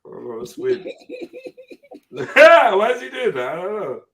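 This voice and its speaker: A man hosts a live online panel over a video call, talking in easy street slang and swearing freely. His voice sits a little high and swings around a lot. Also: wildly swooping pitch, a little slow, a bit bright. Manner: slangy, swearing, laughs often. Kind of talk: casual chat.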